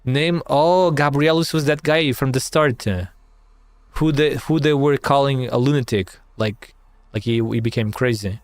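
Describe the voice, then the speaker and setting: A man's voice: medium pitch, unhurried, dry recording. A man reading a game's story aloud on stream, breaking off for startled, swearing asides.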